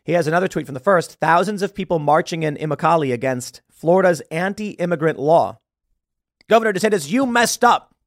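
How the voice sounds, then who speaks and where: A man's voice: a little high, lively intonation, a little fast, no echo. Brief: man, podcast host, sarcastic news commentary, dry recording. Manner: sarcastic, stumbles over words. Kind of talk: political commentary, reading news aloud.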